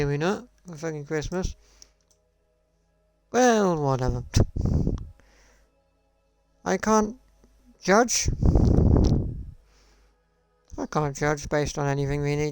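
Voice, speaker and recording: A man's voice: fairly high pitch, clean tone, no echo. A man streaming live, ranting in a sarcastic, profane and repetitive way. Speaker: gaming streamer. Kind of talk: casual live-stream rant.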